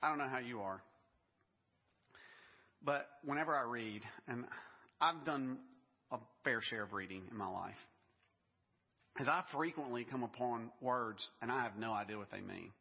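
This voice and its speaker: A man's voice: medium pitch, normal speed, vocal fry, long pauses, slightly rough. Man preaching in a reverberant hall. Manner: conversational storytelling with light laughs and asides. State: briefly choked up with emotion. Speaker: pastor. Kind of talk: sermon. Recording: dull long reverb of a large hall.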